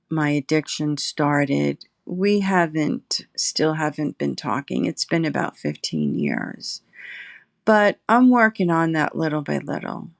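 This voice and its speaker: A middle-aged woman, a guest in recovery, telling her personal story slowly and reflectively, pausing often. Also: sits low, creaky, no room sound, clean studio sound. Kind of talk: emotional personal testimony. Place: her apartment.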